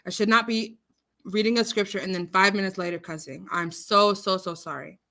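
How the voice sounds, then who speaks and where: A woman hosting a casual livestream chat, animated and outspoken, quoting scripture and swinging between loud outrage and hushed apologies. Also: medium pitch, fairly quick. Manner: religious, quotes scripture. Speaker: livestream host.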